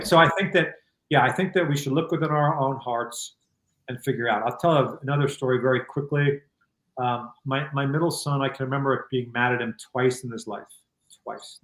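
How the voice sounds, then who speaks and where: Calm, reflective middle-aged man. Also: medium pitch, fairly quick, roomy sound, low-quality recording. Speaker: guest author. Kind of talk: conversational storytelling.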